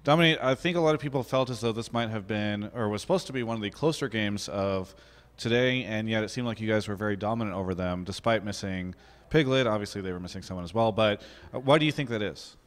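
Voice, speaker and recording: A man's voice: on the low side, fast talker, big-room sound. A man interviewing a player after a match, asking articulate, conversational questions.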